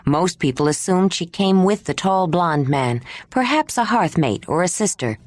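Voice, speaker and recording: A woman narrating an audiobook in an expressive reading style. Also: fairly low pitch, normal speed, no echo. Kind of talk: scripted narration.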